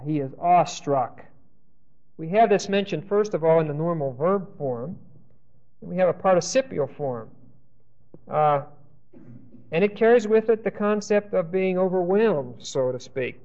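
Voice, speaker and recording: Guy teaching a bible class, kinda high voice, lots of restarts, muffled old tape sound. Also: a little mellow. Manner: checks in with frequent "Okay?"; thinking aloud with restarts. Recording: dull lo-fi recording.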